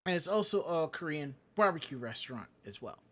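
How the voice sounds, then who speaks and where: High-voiced New Yorker rambling on a podcast. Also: male voice, very animated, brisk, a bit bright. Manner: rambling, digressive, reads chat comments aloud. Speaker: podcast co-host. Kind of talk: casual live-stream chat.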